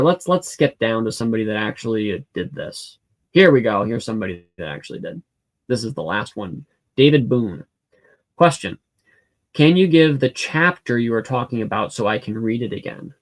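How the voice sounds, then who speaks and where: Rambling man hosting a live Q&A. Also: mid-range voice. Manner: rambling, hesitant, many fillers and restarts. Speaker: livestream host answering chat questions. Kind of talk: casual live Q&A, reading comments aloud. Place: home room with a cat.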